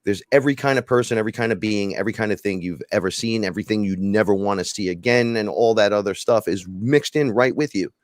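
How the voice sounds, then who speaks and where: A man talks in a loose, rambling way and slips into little acted-out quotes. His voice sits fairly low, and the sound is dry and close with no room around it. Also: quick pace, few pauses, no room sound. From New York. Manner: rambling, animated, acts out quotes. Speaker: podcast guest. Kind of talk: casual chat.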